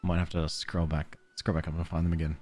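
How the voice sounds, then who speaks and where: A very deep, dark, fairly monotone voice moves at a quick pace as an Australian man streams a game with faint music behind him. He rambles casually, makes fun of himself, chuckles a lot, and reads out chat messages.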